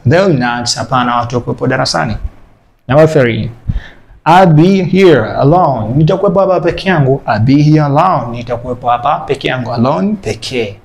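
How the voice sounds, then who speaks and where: Gravelly man teaching English. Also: mid-range voice. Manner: repeats example sentences slowly, then translates quickly. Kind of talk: bilingual language lesson.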